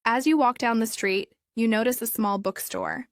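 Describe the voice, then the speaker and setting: Calm clear woman narrating an English lesson. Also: fairly high pitch, normal speed, dry recording, studio quality. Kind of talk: scripted narration.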